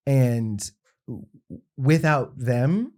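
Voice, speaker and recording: Guest: a reflective man who speaks with halting restarts as he searches for words. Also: mid-range voice, darkish tone. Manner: thoughtful, halting with many restarts. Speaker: podcast guest, makeup artist. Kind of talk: reflective podcast conversation.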